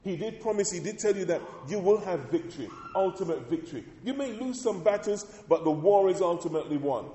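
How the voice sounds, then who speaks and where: A man's voice: high voice, animated, a little fast, hardly any pauses, warm tone, a little hiss or hum. A man preaching a sermon as pastor, calling out to the congregation and reading scripture with rising emphasis. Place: church. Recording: echoey church hall.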